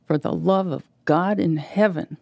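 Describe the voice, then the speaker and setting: A woman reading the lines of a gruff middle-aged male contractor who barks blunt commands. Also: lowish voice, moderate pace, mellow, no echo, clean studio sound, close to an everyday voice. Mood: gruff, shaken.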